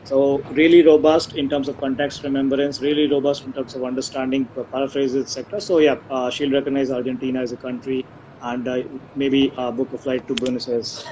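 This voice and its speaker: This tech co-founder answers audience questions fairly quickly, his delivery flat and his medium-pitched voice dark. He leans heavily on fillers and restarts his sentences. The live stream audio is dull and lo-fi, with faint noise.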